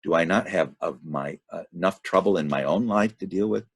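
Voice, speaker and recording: A man's voice: low-pitched, brisk, breathy edge. A man reading the lines of a frightened male traveler in the underworld, in an anxious, questioning manner.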